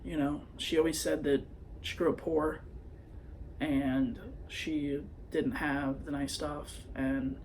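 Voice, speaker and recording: A man's voice: a little high, little pitch movement, slow, darkish tone, a little hiss or hum. A young man vlogging into his phone, telling a personal story in a hesitant, rambling way full of fillers. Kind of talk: confessional personal vlog.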